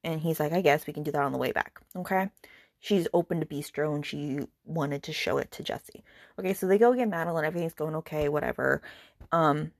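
A woman's voice: sits low, fairly quick, creaky. A woman hosting a book podcast, retelling a plot in a heated, exasperated casual rant, with swearing and lots of "like" and "okay". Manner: many fillers like "like" and "okay".

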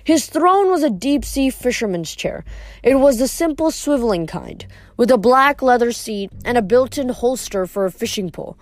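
A woman's voice: a little high, normal speed, dry recording. Woman reading a novel aloud. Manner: steady first-person storytelling with small slips. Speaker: reader.

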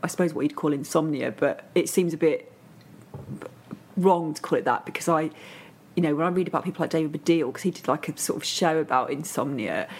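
A woman's voice: deep voice, fairly quick, a little mellow, slight background noise. A northern English woman chatting as a podcast guest, telling stories with plenty of fillers and restarts. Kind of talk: casual chat.

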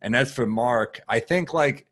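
A man telling profane, animated stories as a guest comedian in casual podcast chat. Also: medium pitch. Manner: animated, profane, fast-shifting storyteller.

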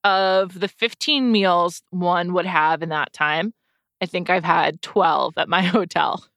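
A woman in her thirties co-hosting a podcast in casual chat, chatty and quick to laugh at herself. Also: on the low side, steady tone, a bit bright, no room sound, clean studio sound. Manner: chatty, laughs often, self-deprecating. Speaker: podcast co-host.

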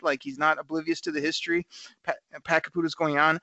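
A man hosting a casual sports talk show, talking in a rambling, animated way and laughing often. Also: on the high side, quick pace, dry recording. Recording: dry, slightly dull audio.

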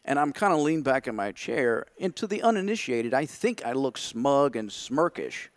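A man's voice: medium pitch, very animated, moderate pace, dry recording. A man telling a story in casual chat, acting out his own past thoughts. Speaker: podcast guest.

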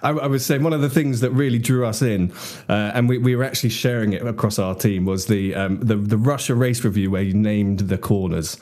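A man's voice: fairly low pitch, a little fast, darkish tone. A young man hosting a casual podcast chat, joking and laughing easily. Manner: chatty, self-deprecating, laughs easily. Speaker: podcast host.

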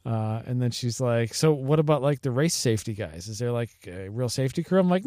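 Male podcast co-host, mid pitch, casual rambler with lots of fillers, dry close sound. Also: brisk, mellow, no echo. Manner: rambling, hesitant with many fillers and restarts, laughs often. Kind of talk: casual chat.

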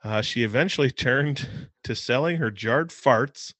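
Man reading news out loud on a podcast. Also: medium pitch, measured pace, no echo. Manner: reads out articles with laughing asides. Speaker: podcast co-host. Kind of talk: casual podcast chat, reading a news story aloud.

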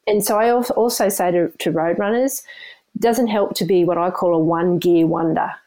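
A woman's voice: lowish voice, steady tone, moderate pace, dark tone, low-quality recording. A woman, talking candidly and animatedly as an interview guest, with frequent restarts and self-deprecating asides. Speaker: guest, runner.

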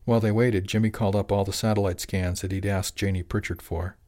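A man narrating an audiobook in a calm, even way. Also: lowish voice, fast talker. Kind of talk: scripted narration.

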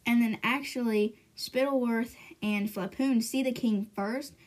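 A woman's voice: on the high side, steady tone, measured pace. A woman hosting a podcast, casually retelling a book's chapters in a chatty way full of "like" and "you know". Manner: chatty, filler-heavy, lots of "like" and "you know". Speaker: podcast host. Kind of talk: casual book recap.

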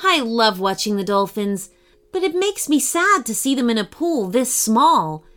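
Storybook governor: kind, composed grown woman, reassuring and measured, a narrator giving her voice. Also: a little high, sing-song, a bit bright, faint music behind. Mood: gracious.

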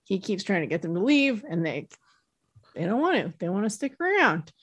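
Podcast co-host, woman, mid-pitched, easygoing recap with many "like"s, dry close mic. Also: sing-song, moderate pace, slightly rough, no echo. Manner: conversational, filler-heavy storytelling with "like". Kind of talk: casual chat retelling a film.

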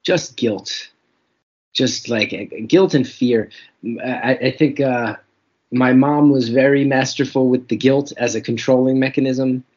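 Husky New man, reflective. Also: medium pitch, fairly even intonation, unhurried, a little mellow. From New Jersey. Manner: reflective, self-deprecating, frank. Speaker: guest comedian. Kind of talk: candid interview storytelling. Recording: dull lo-fi recording.

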